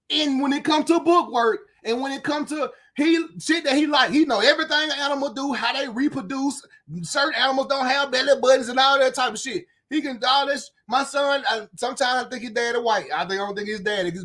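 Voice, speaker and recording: A young adult man hosting a reaction channel, ranting casually and profanely to his viewers with animated emphasis, often asking "you know what I'm saying". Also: very high voice.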